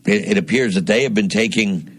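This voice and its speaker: A man hosting a radio talk show, delivering a deliberate, emphatic commentary monologue with dramatic pauses. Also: on the low side, a little hiss or hum. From Northeast Pennsylvania.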